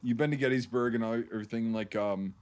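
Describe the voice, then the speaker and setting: A man's voice: medium pitch, quick pace. A man hosting a casual podcast, joking and swearing freely as he asks questions. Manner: profane, joking. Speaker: podcast host.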